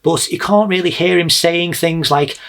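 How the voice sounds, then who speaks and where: A man from the United Kingdom giving an earnest, measured film review as host of his own channel. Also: on the high side, fairly bright tone.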